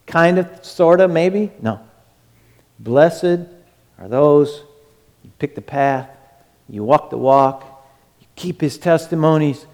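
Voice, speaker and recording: Male preacher, fervent, unhurried delivery, lingering reverb of a large room. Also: fairly high pitch. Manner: fervent, swings from loud urging to soft hush. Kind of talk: sermon.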